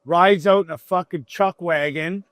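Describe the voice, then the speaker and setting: A man's voice: sits high, a little slow, fairly bright tone, no echo, clean studio sound. A man hosting a podcast, with blunt, profane, joking banter. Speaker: podcast host. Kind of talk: casual podcast chat.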